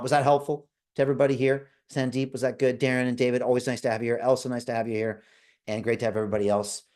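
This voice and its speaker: A middle-aged man hosting a live online call, making an urgent, repetitive sales pitch and checking in with "okay?" and "right?". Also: a little mellow. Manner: urgent, repetitive tag questions. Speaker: livestream host selling a crypto course.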